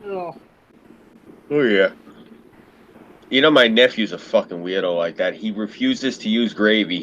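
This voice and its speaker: A man with a low voice and a bright, forceful edge, telling stories in casual chat. His pitch swings widely as he talks. He swears freely and laughs often. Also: lively intonation, a little slow, pauses often, lo-fi sound, slight background noise. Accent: American. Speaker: podcast co-host.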